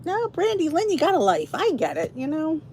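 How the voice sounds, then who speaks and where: A middle-aged Philadelphia woman with a Philly accent hosts a podcast, talking to her viewers in a rambling, casual chat. Her high voice swoops wildly in pitch, runs a little fast, and sounds mellow against slight background noise. She's chatty and meandering, often restarting and drifting into asides.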